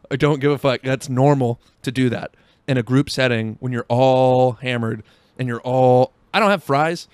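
A man's voice: mid-range voice, moderate pace, darkish tone, clear, resonant tone. Rambling young man telling a story. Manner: rambling, profane, lots of fillers. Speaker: podcast host. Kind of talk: casual storytelling monologue.

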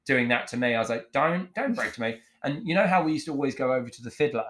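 Fast-talking, profane chef spinning stories. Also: male voice, mid-range voice. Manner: blunt, profane, animated storyteller acting out quotes. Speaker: podcast guest, executive chef. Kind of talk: casual storytelling chat.

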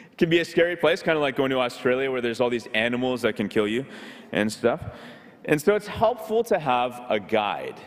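A man's voice: medium pitch, long reverb tail. A man at a parish, introducing two visiting speakers to the congregation in a playful, welcoming way. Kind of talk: church announcement.

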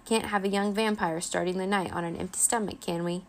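A woman's voice: medium pitch, fairly even intonation, a little fast, creaky, close to an everyday voice. A woman voicing a doddering, wheezing old grandfather vampire who is hard of hearing, in a children's storybook reading.

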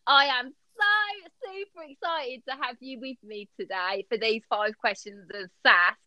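A woman's voice: fairly high pitch, a little slow, dry recording, highs cut off. A middle-aged woman hosting a podcast in a bubbly, giggly, casual chat. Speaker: podcast host.

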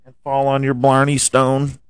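A man hosting a podcast, hoarse from allergies and often clearing his throat, ranting about football with lots of swearing and rhetorical questions. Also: mid-range voice, monotone, measured pace, no room sound. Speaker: podcast host. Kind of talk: casual sports rant.

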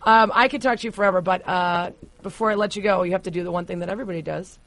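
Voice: mid-range voice, fairly even intonation, rapid-fire, fairly bright tone, no echo. Chatty interview host. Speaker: podcast host. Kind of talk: casual interview chat.

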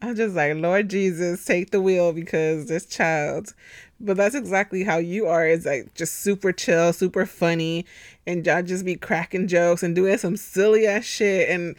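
A woman in her thirties hosting a podcast at home, chatty and expressive, laughing often. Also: on the low side, moderate pace, dry recording, clean studio sound. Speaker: podcast host. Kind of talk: casual chat.

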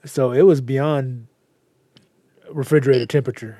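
A woman's voice: very deep voice, steady tone, normal speed, mellow, no room sound. A woman hosting a casual chat, asking dry, teasing questions.

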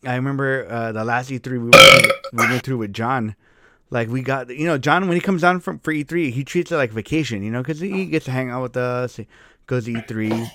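A man's voice: medium pitch, a little fast, noisy background. A man hosting a casual chat and telling a long story, swearing freely and starting sentences over as he talks. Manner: rambling storyteller, swears freely, frequent restarts.

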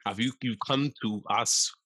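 A man's voice: medium pitch, unhurried, slightly rough, no room sound. A young man, co-hosting a casual chat and telling a story with lots of acted-out quotes and laughter. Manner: animated storyteller, acts out quotes, laughs often. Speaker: podcast co-host.

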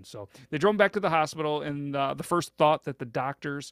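A man's voice: on the high side, brisk, few pauses, a bit bright, smooth, no echo, studio quality. A young man hosting a podcast, retelling a story in a casual, rambling way full of fillers and hesitations. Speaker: podcast host.

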